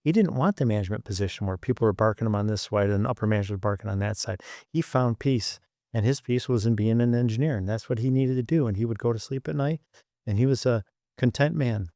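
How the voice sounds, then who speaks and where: Speaking at a quick pace in a medium-pitched voice, a middle-aged former engineer from Michigan guests on a podcast and spins stories in interview form. He's animated, performing the voices of those he quotes, and the studio recording is clean with no room sound.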